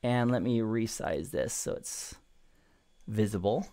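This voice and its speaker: A man's voice: on the low side, slow. Chatty middle-aged man teaching networking. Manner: relaxed, chatty, self-deprecating digressions. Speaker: network instructor. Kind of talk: screen-recorded tech tutorial.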